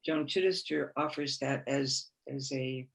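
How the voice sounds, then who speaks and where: Gravelly-voiced woman giving a gentle spiritual talk. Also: extremely low pitch, measured pace, low-quality recording. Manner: gentle, encouraging, repeats phrases for emphasis. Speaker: conference speaker.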